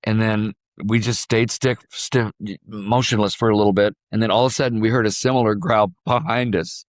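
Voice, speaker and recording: An older man from Illinois, a podcast guest telling a story in an unhurried way and acting out the lines of the people in it. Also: on the low side, fairly even intonation, dry recording, studio quality. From Illinois, USA. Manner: vivid, unhurried storyteller who acts out quoted dialogue. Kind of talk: storytelling in a conversation.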